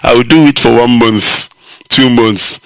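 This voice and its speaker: A man's voice: mid-range voice, steady tone, unhurried, fairly bright tone, dry recording. A man with a Nigerian accent, hosting a radio broadcast and delivering an impassioned, preachy monologue, mocking his listeners and laughing at his own jokes.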